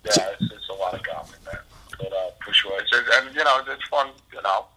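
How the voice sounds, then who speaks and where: Bright-voiced man telling rambling stories. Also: fairly low pitch, fairly quick, slightly rough, poor audio. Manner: rambling, profane, laughing anecdotes with many fillers. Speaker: guest musician. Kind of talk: casual storytelling interview.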